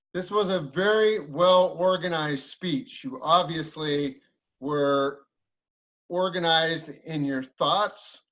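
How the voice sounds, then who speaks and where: Slow, measured man on lo-fi call. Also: fairly high pitch, fairly bright tone. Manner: measured, complimentary feedback. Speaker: speech evaluator. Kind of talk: online club speech evaluation. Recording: dull lo-fi video call audio.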